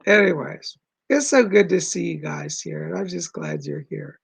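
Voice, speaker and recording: A man hosting a psychic livestream in a casual, chatty way, earnest and quick to laugh. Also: on the high side, creaky, husky.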